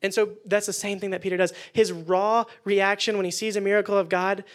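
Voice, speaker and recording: A man preaching a casual youth sermon indoors to listeners, energetic and conversational with jokes. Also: high-pitched, fairly quick. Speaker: youth pastor. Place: indoor meeting room with listeners.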